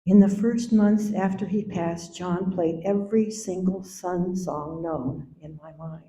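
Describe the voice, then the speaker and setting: Older woman, mother's eulogy, gentle and unhurried, lowish warm voice, echoey hall recording. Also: steady tone, slight background noise. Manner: slow, gentle and tender, sometimes singing softly. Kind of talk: memorial speech. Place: memorial gathering hall. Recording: echoey hall, dull sound.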